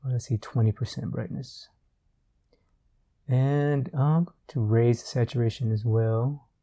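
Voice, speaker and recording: A man giving a relaxed art tutorial while he works, thinking aloud with fillers and repeated words. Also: mid-range voice, a little slow. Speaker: art instructor.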